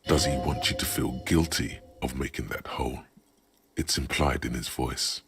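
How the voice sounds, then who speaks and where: Deep, raspy, wry narrator for a video game. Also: male voice, normal speed, fairly bright tone, faint music behind, exaggerated voice.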